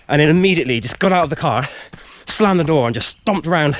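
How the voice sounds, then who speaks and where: A man's voice: a little high, racing, few pauses, a little hiss or hum. Man telling a story on a run. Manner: rambling, animated retelling with frequent fillers. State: slightly tired from running. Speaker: vlogger. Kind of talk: casual storytelling while out running. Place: outdoors in a wood.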